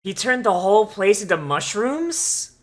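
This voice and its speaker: A man's voice: high voice, very animated, unhurried. A man hosting an anime watch-along, reacting with profane, incredulous outbursts and running commentary.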